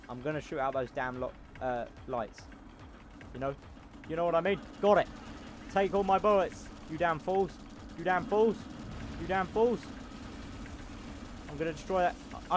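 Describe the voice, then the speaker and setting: Brief: slightly high male gamer, loud, silly, repeats himself, noisy gunfire behind. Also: fairly quick, long pauses. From not American. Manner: loud, goofy, shouting repeated battle cries. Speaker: gameplay commentator. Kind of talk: casual gameplay commentary. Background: game gunfire and engine noise.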